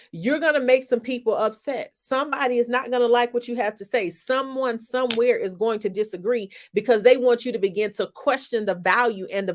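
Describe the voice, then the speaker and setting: On a social media live, a woman business coach delivers an emphatic, motivational talk, repeating key phrases the way a preacher would. Her pitch is medium.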